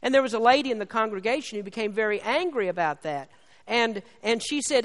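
A man preaching a sermon as pastor, slowing down and raising his voice on scripture and key lines, then dropping back low. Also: animated, fairly bright tone. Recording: long hall reverb.

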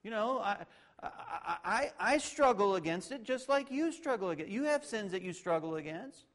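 A man's voice: expressive, moderate pace. Middle-aged male pastor preaching conversationally. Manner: conversational, swings from loud sarcastic mock voices to low asides. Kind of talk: sermon.

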